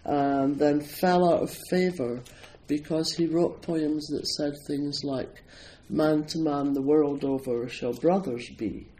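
Slow-talking older man from Scotland. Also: on the high side, fairly even intonation, mellow, poor audio. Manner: chatty, digressive, laughs often. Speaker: speaker at a Zen centre. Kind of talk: casual talk introducing a poetry reading.

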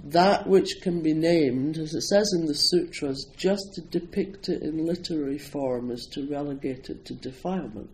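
With a somewhat high voice, a moderate pace and hardly any pauses, a Scottish Zen priest and meditation teacher chats informally with an audience. He is self-deprecating and leans on ums and you-knows. The recording is rough.

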